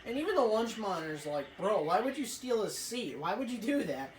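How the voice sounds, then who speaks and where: A woman telling a rambling, swear-filled school story while playing a racing game, with excitable outbursts. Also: medium pitch, brisk, a little hiss or hum. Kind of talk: casual let's-play storytelling. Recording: echoey room, faint music.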